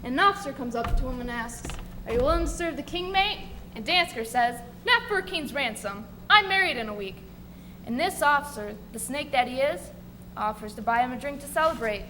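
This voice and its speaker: A woman's voice: high voice, lively intonation, fairly quick, pushed and bright. A woman playing a bitter, rebellious male sailor with coarse, crude talk in a live stage play. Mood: persuasive. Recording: stage recording with faint noise.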